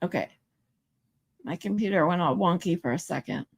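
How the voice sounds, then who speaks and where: A woman hosts a casual livestream, chatting playfully, reading viewer comments aloud and trying out pronunciations. Her lowish voice is expressive and breathy with vocal fry, at a moderate pace.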